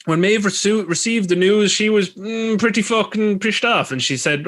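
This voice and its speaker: An Irish-accented podcast host retells folklore as comedic storytelling chat, rambling and throwing in crude, jokey asides. His voice is high-pitched and a bit bright, at a moderate pace with few pauses.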